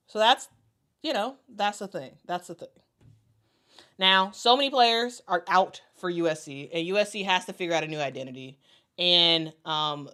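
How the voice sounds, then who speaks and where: A woman's voice: fairly low pitch, fairly bright tone. A woman commentating on basketball in a casual way, reading out viewer comments and repeating her points for emphasis. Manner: emphatic, repeats herself for stress.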